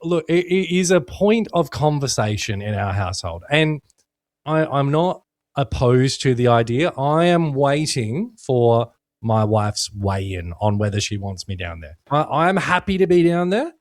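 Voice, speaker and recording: A man's voice: mid-range voice, lively intonation, measured pace, no echo, clean studio sound. A young man co-hosting a podcast, chatting casually with lots of laughter and swearing. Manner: laughs a lot, swears freely, jokey storytelling. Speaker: podcast co-host. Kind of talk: casual chat.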